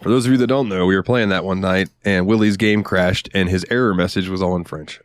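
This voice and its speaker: Candid low-voiced man on a podcast. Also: fairly even intonation, a little fast. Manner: candid, emotional, swears casually. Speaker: podcast host. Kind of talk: casual podcast chat.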